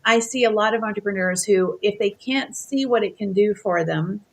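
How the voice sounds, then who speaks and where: A woman's voice: medium pitch, moderate pace, gravelly. A woman hosting a casual interview, enthusiastic and encouraging, turning often to speak to her audience. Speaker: host.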